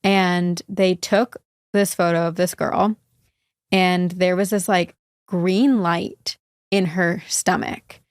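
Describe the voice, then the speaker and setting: Chatty woman with a lowish voice. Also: fairly even intonation, takes it slowly, dry recording, studio quality. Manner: chatty, peppered with "like". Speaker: podcast guest. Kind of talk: casual chat.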